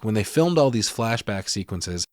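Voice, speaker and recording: A man co-hosting a podcast, recapping a film in casual, profane, animated storytelling. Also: fairly low pitch, moderate pace, no echo, clean studio sound. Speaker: podcast co-host.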